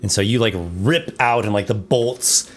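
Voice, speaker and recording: A man acting as game master, describing a dungeon room in a relaxed, descriptive way with frequent small restarts. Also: fairly low pitch, measured pace. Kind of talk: narrating a tabletop game.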